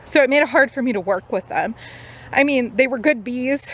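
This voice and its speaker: A woman's voice: high-pitched, fairly quick, a bit bright. Chatty woman beekeeper outdoors. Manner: chatty, upbeat, uses many fillers. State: out of breath. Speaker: new beekeeper. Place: outdoors by beehives.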